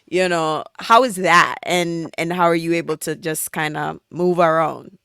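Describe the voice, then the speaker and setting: A woman's voice: deep voice, measured pace, gravelly, bright, forceful tone, clear, resonant tone, dry recording. A woman hosting a casual podcast interview, affirming her guest and asking questions. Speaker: podcast host.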